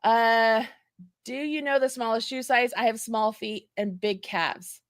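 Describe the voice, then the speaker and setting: High-voiced chatty woman, dry sound. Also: steady tone, measured pace, no echo. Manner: chatty, reads viewer comments aloud. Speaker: co-host. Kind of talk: casual livestream chat.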